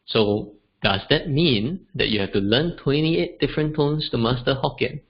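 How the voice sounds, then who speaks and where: In a dull, lo-fi webinar recording, a man from Singapore demonstrates tones out loud while teaching a beginner language class online. He talks at a moderate pace with medium pitch.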